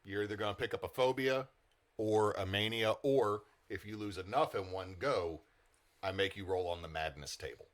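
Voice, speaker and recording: A man runs a tabletop horror game as its game master, his voice sitting on the low side. He describes eerie scenes and explains the rules casually, with plenty of fillers. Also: moderate pace.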